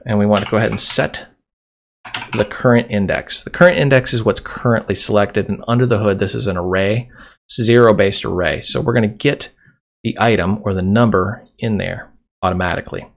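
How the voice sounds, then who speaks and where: Gravelly low-voiced man teaching code. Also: a little fast. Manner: casual, chatty explaining while typing. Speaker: programming tutorial host. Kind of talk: screen-recorded coding tutorial. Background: keyboard typing and mouse clicks.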